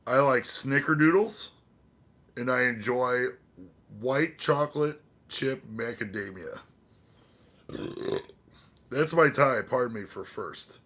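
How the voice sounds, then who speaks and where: Slow and prone to frequent pauses, a man with a medium-pitched, fairly bright voice hosts a casual live stream a bit tipsy from drinking. He swears and rambles while talking to his viewers and his cats.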